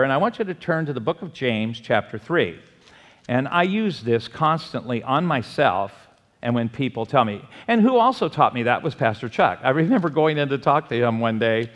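A male pastor preaching in a church sanctuary, his voice ringing with a long hall reverb. His pitch sits mid-range for a man. He leads the congregation in call-and-repeat phrases and swings between loud exclamations and quiet asides. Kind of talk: sermon.

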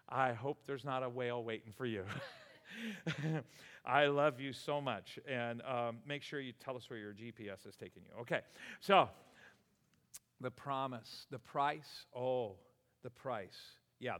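A man in his sixties preaching a sermon as pastor, animated and exclamatory, often chuckling between points. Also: mid-range voice, takes it slowly. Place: church sanctuary. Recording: long hall reverb.

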